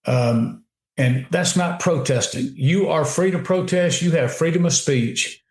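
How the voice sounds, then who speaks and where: A man's voice: fairly high pitch, measured pace. A man giving emphatic, opinionated commentary on a radio talk show, often restarting his sentences. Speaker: guest commentator. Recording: roomy echo.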